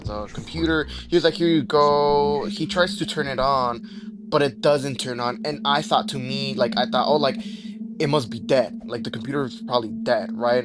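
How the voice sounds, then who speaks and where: Rambling young man, noisy recording. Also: mid-range voice. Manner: rambling, filler-heavy, swears, breaks off to react to the game. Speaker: gaming channel host. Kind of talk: rambling story time over horror gameplay. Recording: noisy recording with steady background noise.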